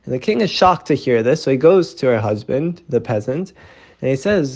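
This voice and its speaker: A man's voice: medium pitch, lively intonation, normal speed, darkish tone. A man telling a parable in a casual, conversational way, often adding "you know", recorded as a phone voice message. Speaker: storyteller sharing a parable. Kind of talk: casual spoken storytelling.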